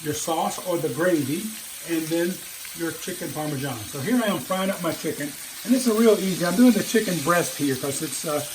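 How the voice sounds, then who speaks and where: An older man with a somewhat high voice talks cheerfully to viewers while cooking in his home kitchen. A sizzling pan crackles clearly behind his words. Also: animated, a little fast. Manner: chatty and enthusiastic, talks straight to viewers. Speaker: home cooking show host. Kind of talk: casual cooking demonstration. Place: home kitchen, frying food. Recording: sizzling frying noise behind. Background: sizzling pan and kitchen sounds.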